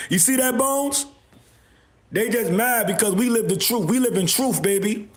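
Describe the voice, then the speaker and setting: A man hosting a livestream, delivering a repetitive, confrontational rant with bursts of shouting. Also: high-pitched, expressive, takes it slowly. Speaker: livestream host. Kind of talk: ranting livestream monologue. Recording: echoey room.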